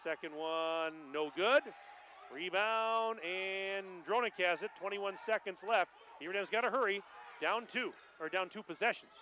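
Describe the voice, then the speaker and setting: A man doing live play-by-play for a high school basketball game, excited and rising to shouts at the big plays. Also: moderate pace, a little hiss or hum, low-quality recording. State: out of breath. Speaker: play-by-play announcer.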